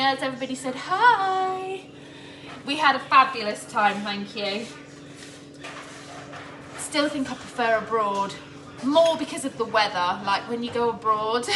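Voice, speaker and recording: In her home kitchen, a woman with a high voice hosts a live-stream cooking chat, laughing frequently as she talks to viewers. The mic sits far from her, picking up background noise, kitchen echo, and banging pots.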